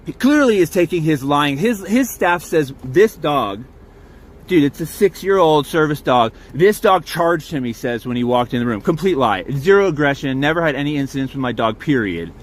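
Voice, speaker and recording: A man's voice: a little high, lively intonation, normal speed. A man filming on his phone from inside his truck, recounting a dispute in a heated, profane and rambling way, then arguing with officers. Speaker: campground guest filming a confrontation. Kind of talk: agitated first-person recounting and confrontation. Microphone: phone camera.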